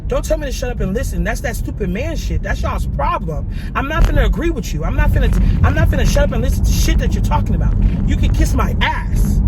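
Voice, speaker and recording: A woman's voice: high-pitched, very noisy. A woman vlogger talking bluntly and heatedly, swearing freely as she rants to the camera. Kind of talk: vlog rant.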